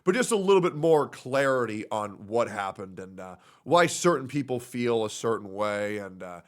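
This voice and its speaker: A loud young man telling a story on his stream. He talks casually to his chat, and his pitch swings widely as the story heats up. He often laughs at his own jokes. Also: very animated, moderate pace.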